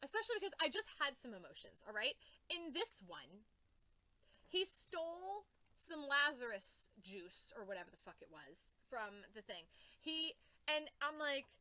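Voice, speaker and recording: A woman's voice: high voice, big pitch swings, normal speed, sharp tone, no echo. A young woman reacting to comics in an emotional rant, exclaiming, swearing and repeating herself. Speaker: comic book reviewer.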